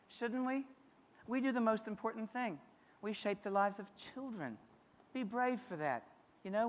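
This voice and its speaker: A man's voice: very high voice, fairly bright tone. Rousing man speaking in a hall. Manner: punchy, rousing, talks straight to the audience. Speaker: keynote speaker. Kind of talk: motivational conference keynote. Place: large conference hall. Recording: long hall reverb.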